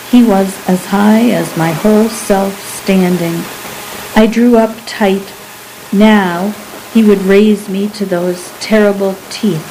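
A woman narrating a story in the first person, slow and hushed with fear. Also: mid-range voice, a little hiss or hum, rough recording.

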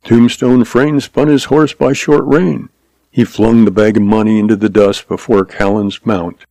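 A man reads a western story aloud in a low, dark, mellow voice. His delivery is measured and dramatic, and the recording is dry and close, with no room sound. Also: fairly even intonation, creaky, no room sound, rough recording. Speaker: narrator. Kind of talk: scripted narration of a western story.

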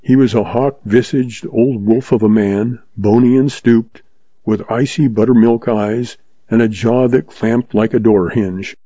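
A man narrating a western novel as an audiobook in a steady, measured read, with a dull, dry, lo-fi sound. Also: medium pitch, no echo.

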